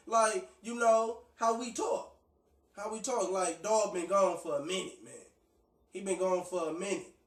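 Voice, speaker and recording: High-pitched guy preaching, lots of restarts, echoey and far from the mic. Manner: loose, conversational preaching with many restarts and fillers. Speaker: street preacher. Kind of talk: preaching and reading scripture.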